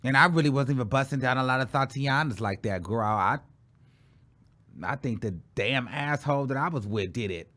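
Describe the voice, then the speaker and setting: A man hosting his own show, telling a story in a sassy, dramatic way and calling his listeners "girl", with sudden loud exclamations. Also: mid-range voice, normal speed. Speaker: show host. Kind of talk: casual storytelling chat.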